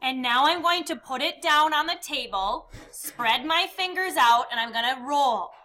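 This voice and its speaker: A woman's voice: sits high, lively intonation, normal speed, pushed and bright. A woman art teacher demonstrating a kindergarten clay lesson, explaining each step patiently and counting aloud. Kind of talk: instructional demonstration.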